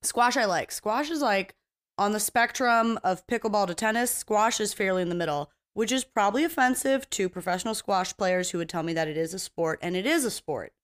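Woman hosting a podcast solo, rambly and blunt, cusses a lot, pokes fun at herself, medium pitch. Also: brisk. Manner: rambling, blunt, swears freely; self-mocking and playfully opinionated. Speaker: podcast host. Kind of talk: casual solo podcast chat.

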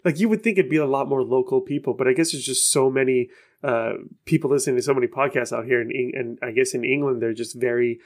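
A man's voice: medium pitch, fairly even intonation, fast talker. A man hosting his own podcast, chatting alone in an enthusiastic, rambling way that gushes with praise. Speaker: podcast host. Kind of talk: solo podcast chat. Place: office in Los Angeles.

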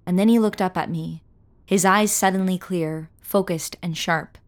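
A woman reading a first-person audio story as narrator, in a measured, wry storytelling manner. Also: lowish voice, steady tone.

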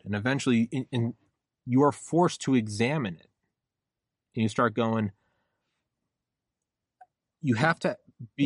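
A man's voice: lowish voice, dry recording, studio quality. A man hosting a podcast in casual conversation, rambling and acting out quoted voices as he talks. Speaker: podcast host.

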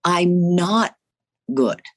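A middle-aged actress with a slight New Jersey accent, talking warmly and effusively as an interview guest, rambling and restarting her sentences. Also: lowish voice, lively intonation, drawn-out words. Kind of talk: casual interview chat.

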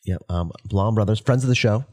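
A man from the American South, hosting a podcast in a quick, teasing casual chat. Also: fairly low pitch, darkish tone. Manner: quick and teasing, repeats words. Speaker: podcast host.

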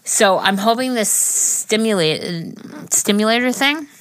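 A woman's voice: mid-range voice, lively intonation, unhurried, dry recording, studio quality. A middle-aged woman, tipsy and slurring slightly, talking candidly and emotionally as a podcast co-host. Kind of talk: casual chat.

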